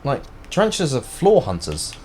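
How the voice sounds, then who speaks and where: A man's voice: medium pitch, wildly swooping pitch, fairly quick, darkish tone, a little hiss or hum. A man, chatting and rambling in a joking way while streaming a video game live. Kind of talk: casual live-stream gameplay chat.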